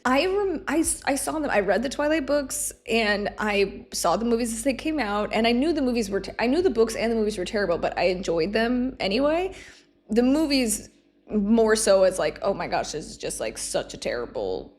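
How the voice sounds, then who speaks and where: Young female vlogger, casual chat, self-deprecating, laughs easily, slightly high voice. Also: expressive, moderate pace.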